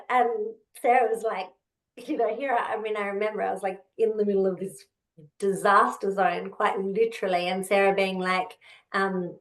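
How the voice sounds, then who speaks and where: A woman's voice: mid-range voice, fairly even intonation, normal speed. A woman telling her own story as a podcast guest, heartfelt and rambling, getting choked up at times. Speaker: guest, author and entrepreneur. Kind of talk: emotional personal storytelling.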